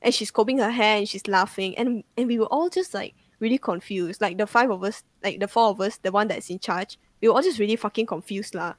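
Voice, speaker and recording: Speaking briskly with few pauses, this young woman rambles through a ghost story in a casual way, packed with "like" fillers and curse words. Her voice is mid-range, and the recording is dry.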